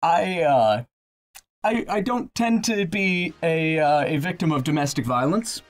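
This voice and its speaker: A man co-hosting a casual let's-play, swinging between storytelling and loud, excited outbursts at the game. His voice swoops widely and sits a little high for a man. Faint game music plays underneath. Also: unhurried. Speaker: gaming channel co-host.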